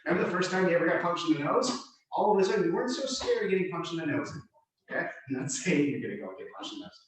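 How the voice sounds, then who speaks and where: A man teaching a self-defense drill, giving calm, reassuring, repeated cues to a student. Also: high-pitched, racing. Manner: reassuring, repetitive coaching cues. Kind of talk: coaching a drill. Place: martial arts gym. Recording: very echoey room, from far off.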